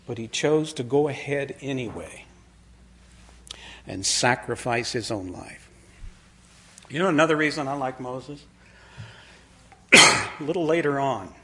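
A man preaching a sermon in a folksy storytelling way, dropping low and quiet when he quotes. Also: a little slow, pauses often.

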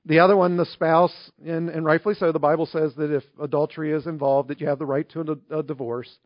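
Storytelling male pastor, higher voice. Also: fast, dry recording. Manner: conversational storytelling, animated in anecdotes. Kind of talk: sermon. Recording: dry, slightly dull recording.

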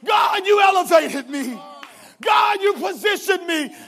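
A grown man pours out his anguish in long, shouted cries, as a preacher acts him out. The voice sits very high and strains at full volume, each line dragged out slowly. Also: expressive, vocal fry, some chatter behind, full character voice. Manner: shouted, drawn-out crying lines.

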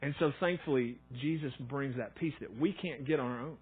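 Fast-talking pastor with a husky voice. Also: male voice, mid-range voice. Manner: chatty storytelling with fillers and quoted inner thoughts. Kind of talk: conversational sermon. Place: church auditorium. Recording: thin phone-like sound.

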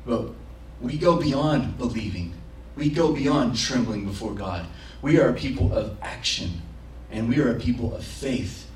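A man's voice: mid-range voice, unhurried, a little mellow, a little hiss or hum. A man preaching a sermon as pastor, passionate and acting out prayers and imagined quotes, recorded in a church. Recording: roomy, from a distance.

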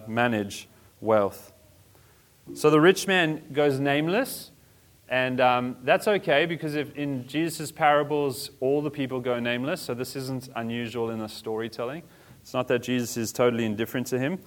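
A pastor preaching with a relaxed, conversational delivery, full of everyday slang. His voice sits at a middle pitch, neither deep nor high, and he sounds like he is chatting rather than orating. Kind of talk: sermon.

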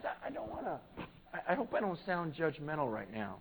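A man's voice: a little high, sing-song, fairly quick, gravelly, breathy edge, phone-quality sound. Earnest man preaching a sermon. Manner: earnest, conversational, rising to emphatic peaks. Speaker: pastor. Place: church.

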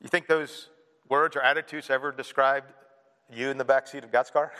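A man preaching a sermon to his congregation, animated and playful, acting out whiny kids and an annoyed parent. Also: mid-range voice, normal speed. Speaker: pastor. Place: church hall. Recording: reverberant hall.

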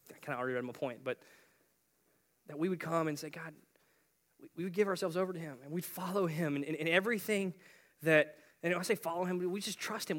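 A man's voice: on the high side, fairly bright tone. A young man preaching a casual youth sermon in a chatty way, with slang and frequent restarts.

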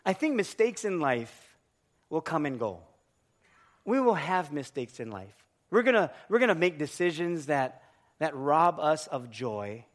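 A man's voice: a little high, big pitch swings, measured pace. A man preaching a sermon, telling a humorous personal story and acting out both sides of the dialogue. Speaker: pastor.

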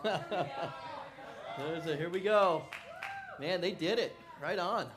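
A man's voice: high voice, drawn-out words, a faint crowd, slight background noise. A man preaching a sermon, who prays and tells personal stories, acting out the voices of the people in them. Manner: animated storyteller who acts out quoted voices. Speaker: pastor. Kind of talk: sermon with storytelling.

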